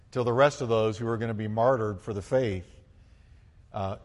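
A man preaches to his church with fervent conviction, his voice at a middle pitch that climbs into loud bursts of praise. He calls the congregation to join in. The sound carries a long reverb from the sanctuary. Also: fairly even intonation, normal speed. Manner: fervent, rising to loud exclamations; asks the congregation to respond. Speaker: pastor. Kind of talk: sermon.

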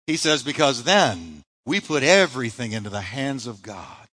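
A male pastor delivers a live sermon with a bright, forceful tone. His voice swings widely in pitch and rises in emphatic bursts over repeated refrains. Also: animated, normal speed. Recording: live church sermon audio.

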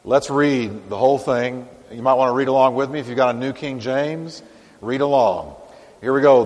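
Dynamic male preacher in a reverberant hall. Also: normal speed. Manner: dynamic preaching, swelling louder on scripture and dropping low. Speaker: pastor. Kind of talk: sermon. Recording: long reverb of a large hall.

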